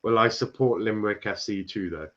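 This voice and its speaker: A man's voice: fairly low pitch, fairly bright tone. Irish man hosting, dull lo-fi sound. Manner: laughs often, quick restarts. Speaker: podcast host reading chat. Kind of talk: casual football chat.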